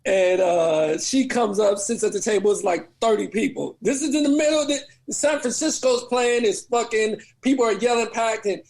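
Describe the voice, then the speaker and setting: A man from New Orleans, a comedian guest telling profane stories in animated, laughing casual chat. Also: high voice, normal speed, vocal fry, few pauses. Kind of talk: casual storytelling.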